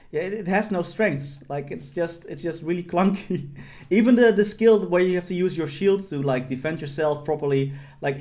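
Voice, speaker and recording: This casual gameplay commentary comes from a young gaming YouTuber whose fairly high voice has a darkish tone. His joking voice-over wanders, packed with fillers and restarts, like a host talking to viewers from his desk.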